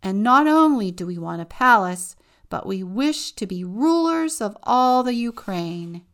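A woman voicing a greedy, demanding peasant couple who give loud commands. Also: lowish voice, a little slow.

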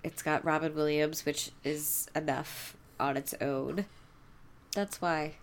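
A woman with a somewhat low voice chats on a podcast in a bubbly way and laughs often. She restarts her sentences as she thinks aloud. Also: steady tone, takes it slowly. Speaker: podcast co-host. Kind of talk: casual chat.

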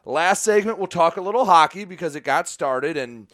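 A man's voice: fairly high pitch, lively intonation, moderate pace, fairly bright tone, no room sound, clean studio sound. A man co-hosting a casual sports podcast, chatting and laying out the show schedule. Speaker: podcast co-host.

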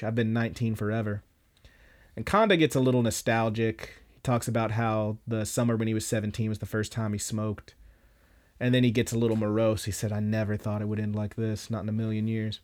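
A man's voice: lowish voice, a little mellow. A man on a podcast casually retelling an anime episode, loose and profane, with lots of fillers. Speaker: podcast host.

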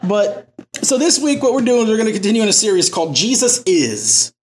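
A man's voice: high voice, sing-song, fairly quick. A man preaching an informal sermon as a pastor, talking loosely and conversationally and working jokes into his teaching.

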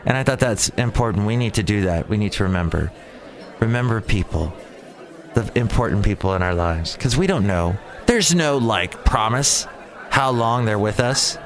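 A man's voice: fairly low pitch, lively intonation, moderate pace, some chatter behind. A man hosting a casual solo show, rambling and sarcastic as he jumps from topic to topic. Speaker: podcast host.

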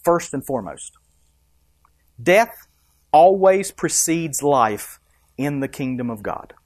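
A male pastor preaches a sermon, emphatic, rising and dropping for effect and asking the congregation questions. His voice sits on the high side and is very animated, though he takes it slowly. The sound is clean studio audio with no room sound.

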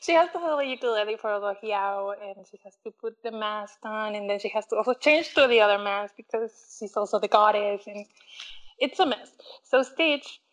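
A young woman with a medium-pitched voice co-hosts a podcast, casually recapping a movie scene by scene at a moderate pace on a rough recording. She's an animated storyteller who acts out the lines and laughs often.

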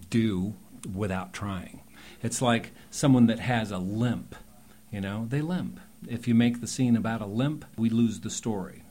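A man, a dialect and coach explaining his craft in a relaxed way with joking asides. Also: lowish voice, a little hiss or hum. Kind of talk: casual interview talk.

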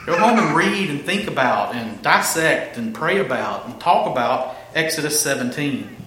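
A pastor with a high voice preaches a sermon, reading scripture aloud and explaining it in an animated, conversational way with asides to the congregation. The recording is in an echoey hall with faint noise.

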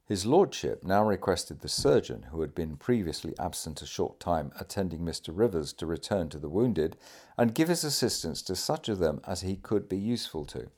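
A man reading a historical account aloud in a measured, formal way. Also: low voice, big pitch swings, a little mellow, husky. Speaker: audiobook reader.

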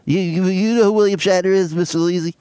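A man's voice: high voice, fairly even intonation, warm tone, smooth, dry recording, close to an everyday voice. A man voicing a dim-witted grown man who stammers and repeats his words. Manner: halting, repeats words, formal "Mister" address.

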